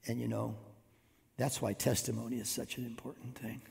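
A man preaching a sermon as pastor, swinging between hushed asides and loud emphatic bursts. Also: medium pitch, flat delivery, a little fast, gravelly, slightly rough. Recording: long reverb of a church hall.

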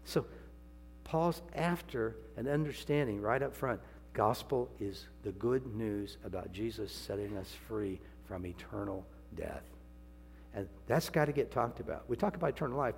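An older man preaching a sermon in a folksy, joking way, swinging from quiet asides to loud, high exclamations. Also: expressive, moderate pace, creaky. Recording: long hall reverb, faint hum.

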